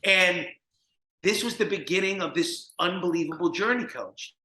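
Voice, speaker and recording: His voice sits high and moves at normal speed, with slight background noise and an echoey room. He's a recovery mentor from New Jersey, a guest in an interview, telling animated stories and acting out the people he quotes.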